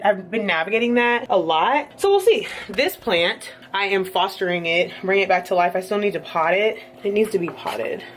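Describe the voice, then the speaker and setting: A woman chatting casually in a home vlog, animated, her voice jumping high when she exclaims. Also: slight background noise. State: a bit out of breath. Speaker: vlogger. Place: apartment rooms, moving around.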